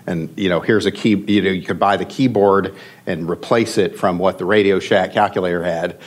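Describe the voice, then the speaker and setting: Low-voiced man telling a heartfelt story. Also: fairly even intonation. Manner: emotional, halting, many fillers and restarts. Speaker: podcast guest, venture investor. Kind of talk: storytelling in conversation.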